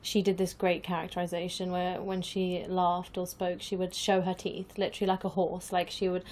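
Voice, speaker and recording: A woman's voice: on the low side, monotone, moderate pace, darkish tone. A woman talking as a guest on an improv podcast, giggly and hesitant, with many fillers. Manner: giggly, laughs often. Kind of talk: casual interview chat.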